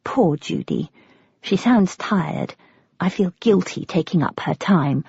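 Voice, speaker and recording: A woman with a British accent narrating a first-person audiobook, expressive and sometimes flustered in dialogue. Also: lowish voice, slow pace, gravelly, husky, no echo, muffled recording. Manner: expressive, with breathless, flustered quoted speech.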